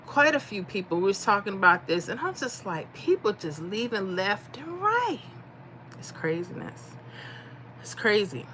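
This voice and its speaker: A woman's voice: mid-range voice, sharp tone, a little hiss or hum. A middle-aged woman from Florida, chatting casually on a livestream and reading out viewer comments. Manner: chatty, reads comments aloud, folksy. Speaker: livestream host.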